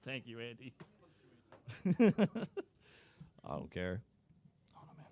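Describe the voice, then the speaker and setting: A man's voice: medium pitch, very animated, slow pace, mellow. A young man doing a rambling, crude, self-deprecating stand-up roast set. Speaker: stand-up comedian.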